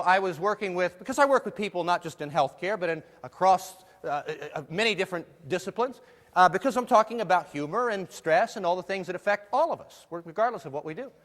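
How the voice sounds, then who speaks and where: A man's voice: high voice, animated, fairly quick, fairly bright tone. A man giving a humorous keynote talk to a live audience, playful and jokey, putting questions to the crowd. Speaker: motivational speaker. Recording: long hall reverb.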